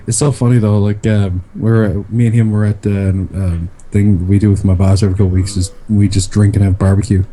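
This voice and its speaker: A man co-hosting a casual online chat, telling stories with lots of fillers and pauses. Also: on the low side, level tone, dark tone, a little hiss or hum. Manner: rambling storyteller, many fillers. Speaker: podcast co-host.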